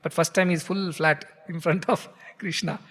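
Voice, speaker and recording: A man's voice: on the high side, steady tone, moderate pace, fairly bright tone, big-room sound. A man, a spiritual teacher who chants scripture verses and then explains them earnestly. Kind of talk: scripture discourse.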